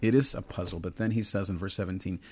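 A man's voice: low voice, steady tone, quick pace, slight background noise. A middle-aged man preaching a personal sermon, earnest and repetitive, stacking phrases into building lists.

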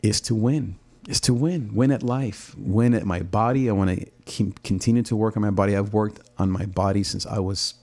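A middle-aged pastor from Southern California reflects earnestly on his drive and faith. His voice is low and gravelly, with a fry in it. He repeats words as he builds intensity. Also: normal speed, mellow. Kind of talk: personal reflection talk.

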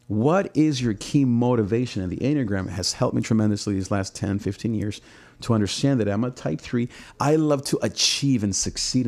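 A man's voice: medium pitch, darkish tone. A middle-aged man from Southern California, a pastor, talking earnestly about his drive, repeating words as he builds intensity. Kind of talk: personal reflection talk.

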